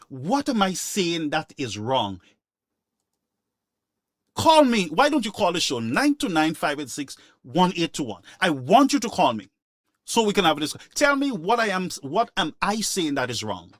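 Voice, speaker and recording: A man's voice: fairly high pitch, a bit bright, dry recording, studio quality. A man hosting a call-in show, talking in an impassioned, preachy way and repeating his points for emphasis. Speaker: radio call-in show host. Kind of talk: opinionated call-in talk.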